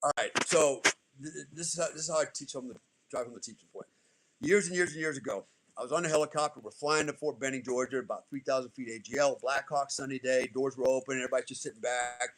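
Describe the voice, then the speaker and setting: A man, telling a podcast host a war story in a blunt, profane, everyday way. His voice sits at a middle pitch, and the delivery stays casual and direct. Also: steady tone, fast, a bit bright, slight background noise, poor audio. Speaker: podcast guest, former special forces soldier.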